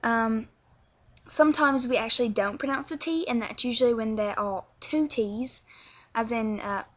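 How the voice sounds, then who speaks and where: A young Englishwoman with a London accent talks at a normal speed in a fairly high voice. She's a vlogger teaching accents, chatting through a casual tutorial packed with filler words.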